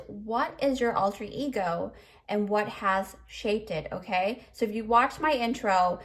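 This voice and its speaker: Woman tarot reader, chatty and emotional, choked up, mid-pitched, everyday delivery. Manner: chatty, emotional, filler-heavy. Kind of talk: pick-a-card tarot reading.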